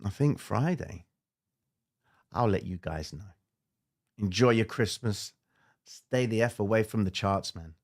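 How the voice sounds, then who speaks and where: A man's voice: fairly low pitch, unhurried, pauses often. A man hosting a trading livestream, talking casually and emphatically to his viewers with slangy asides.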